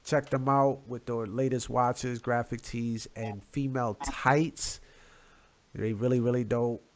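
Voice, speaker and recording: A man co-hosting a casual chat show, talking in a laid-back, slangy way and giving shout-outs. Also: medium pitch, steady tone, measured pace. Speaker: podcast co-host.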